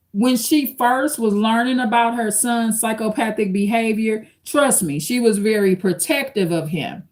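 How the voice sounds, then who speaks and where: A woman hosting a live stream, reading an article aloud and commenting on it casually to her viewers. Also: mid-range voice. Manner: conversational, addresses viewers as y'all, reads quotes aloud. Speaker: channel host reacting to an article.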